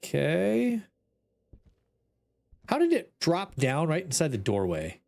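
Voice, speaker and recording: A man's voice: a little high, huge pitch swings, takes it slowly, gravelly, a little mellow. A man streaming a ghost-hunting game, talking to his chat in an exasperated, joking way. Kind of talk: casual gameplay commentary.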